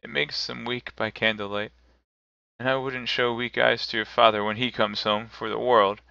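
A soft-spoken grieving mother, put on by a male reader, speaks slowly and tenderly. The voice is crisp and bright, and the recording is dry and a little lo-fi. It is a live storybook reading. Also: mid-range voice, level tone, no room sound. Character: grieving mother, gentle and steady. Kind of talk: live reading of a classic novel.

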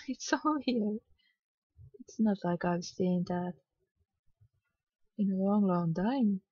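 A woman's voice: mid-range voice, slow, warm tone, husky, no echo, muffled recording. A woman casually talking through a hidden-object game, sleepy and yawning, muttering with mild exasperation. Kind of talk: casual let's-play commentary.

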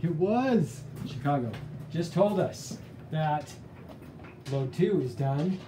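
A woman's voice: low voice, lively intonation, slow, reverberant, background noise. A woman in her thirties, a family vlogger chatting upbeat and straight to viewers at home. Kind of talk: casual home vlog to camera.

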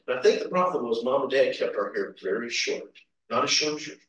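Folksy preacher in an echoey church. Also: male voice, mid-range voice, expressive, brisk, a bit bright, slight background noise. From Kentucky, USA. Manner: folksy, chuckling, calls out amens. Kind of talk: informal sermon with personal stories. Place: church sanctuary. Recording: echoey church hall, distant mic.

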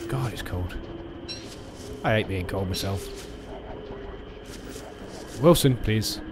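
A man commentating on a video game he is playing, excitable and sweary, often yelling at the game. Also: on the low side, takes it slowly, noisy background. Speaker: let's play gamer. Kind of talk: gameplay commentary.

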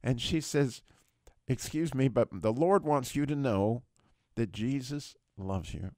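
A middle-aged man hosts a radio prayer show, casually retelling a dramatic testimony as an animated storyteller whose voice leaps up at the emotional peaks. His pitch is medium and his pace slow. The recording is dry and studio quality.

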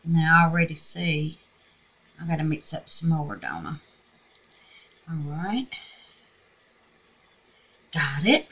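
Her voice sits low and sounds husky and fairly bright, and though she's animated, she takes it slowly with long pauses. The woman is a craft vlogger from Mississippi whose scratchy Southern voice carries a casual home crafting tutorial. She talks to herself, calls viewers babies, and works in a craft room with an air purifier.

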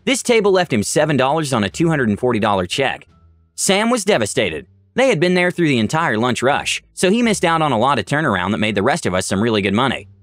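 Man narrating stories with lively pitch. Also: fast talker, dry recording, faint music behind. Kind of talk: reading online stories aloud.

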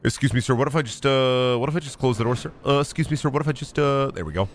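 A young man streaming a horror game live, excitable and foul-mouthed, yelping and taunting the game as he plays. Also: mid-range voice, fast, slight background noise. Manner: excitable, swears often, yelps and taunts the game. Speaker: gaming streamer. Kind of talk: live gameplay commentary.

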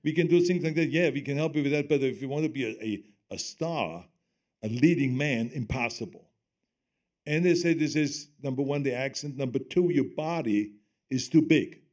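An older man with a German accent, a guest telling stories on stage in conversation, animated and often laughing as he quotes others. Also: mid-range voice, moderate pace.

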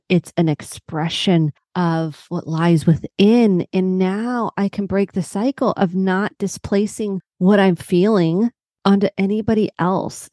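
A middle-aged woman therapist hosts her podcast alone, reflective and open as she shares. Her voice sits low. The recording is dry and close, with no room sound around her. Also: mellow, dry recording. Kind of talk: solo podcast monologue.

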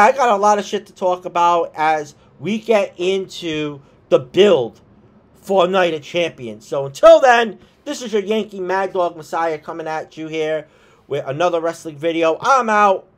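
A man talks through a casual wrestling vlog, his voice sitting high for a man. He drawls his points out slowly, tossing in swears and exasperated asides. He has the hiccups. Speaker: wrestling commentator vlogger.

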